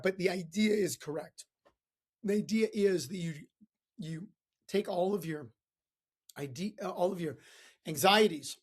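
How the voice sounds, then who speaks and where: A man with a somewhat high, breathy-edged voice hosts a podcast, giving a chatty motivational talk. It's full of stories and asides, with many fillers and restarts.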